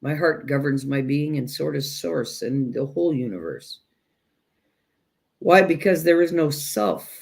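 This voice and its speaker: A woman teaching self-growth in a direct spiritual talk, speaking emphatically and deliberately and addressing listeners as "you guys". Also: low voice, expressive, vocal fry, darkish tone.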